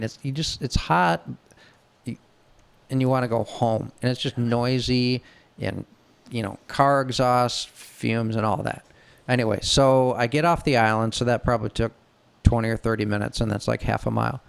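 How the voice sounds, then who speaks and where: A middle-aged man with a gravelly edge and a smooth, resonant voice tells a story. He talks frankly, swears freely and acts out the people he quotes. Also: medium pitch. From Detroit area. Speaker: podcast co-host telling a story. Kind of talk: casual storytelling.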